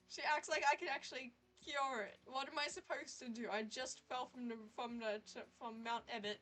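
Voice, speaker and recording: A woman streamer reading a dating game aloud and reacting with animated, exasperated asides. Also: high voice, moderate pace, hardly any pauses.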